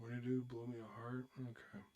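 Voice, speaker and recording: A man's voice: mid-range voice, little pitch movement, fast, mellow. A man streaming online poker, muttering about his hands and chatting with viewers in a loose, joking way. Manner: muttering to himself, swearing, then chatting upbeat with viewers. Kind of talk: casual live-stream commentary.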